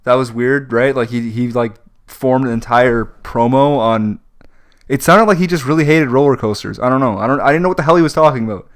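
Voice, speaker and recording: A man's voice: mid-range voice, a little fast. A young man co-hosting a podcast, chatting casually and venting his frustrations, full of fillers like "like" and "um". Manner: frustrated ranting with frequent fillers. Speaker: podcast co-host. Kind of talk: casual wrestling chat.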